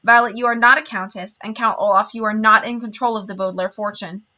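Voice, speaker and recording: A woman reading aloud voices a kind, thoughtful woman judge who speaks carefully and in a measured way. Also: medium pitch, steady tone, pushed and bright, dull audio, close to an everyday voice.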